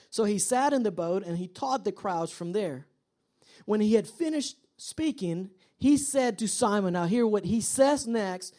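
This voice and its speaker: A woman's voice: medium pitch, measured pace. A woman preaching a sermon. She tells stories with energy and acts out the voices of the people in them. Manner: animated storytelling, acts out quoted voices. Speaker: pastor. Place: church.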